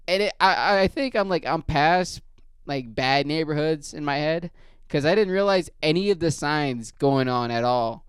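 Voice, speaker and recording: A man casually telling a rambling, profane story as a podcast host, in a low-key way. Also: lively intonation, moderate pace, clean tone, dry recording, clean studio sound.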